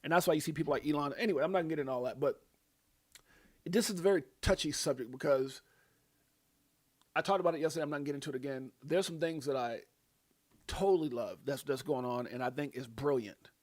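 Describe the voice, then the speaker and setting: A man's voice: on the high side, quick pace, pauses often. A middle-aged man hosting a crypto livestream in a rambling, chatty way, with many fillers and easy laughs. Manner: laughs easily. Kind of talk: casual livestream chat.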